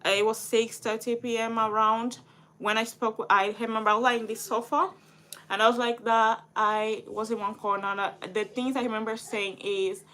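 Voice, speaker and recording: Her voice on the high side, bright and forceful at normal speed, a young woman in her early twenties shares a personal story on her vlog. The telling wanders, with heavy use of "like" and frequent restarts.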